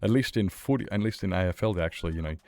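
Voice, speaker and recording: A man's voice: deep voice, rapid-fire, vocal fry, darkish tone, a little hiss or hum. A man streaming a survival game, chatting with viewers in a worked-up, playful rant. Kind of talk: casual live-stream chat.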